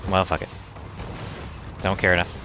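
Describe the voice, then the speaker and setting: A man's voice: low-pitched, flat delivery, moderate pace, noisy background. A man giving casual gameplay commentary, frustrated and swearing as he talks to the game. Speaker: let's play gamer. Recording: game music playing behind.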